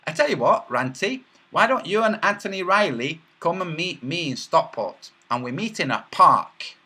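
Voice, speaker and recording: A husky-voiced man chats casually on a livestream. His pitch swings widely and his tone is bright and sharp. He rambles and mocks, filling pauses with stretched sounds. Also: sing-song. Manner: rambling and mocking, with many filler sounds. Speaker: livestream host reading chat.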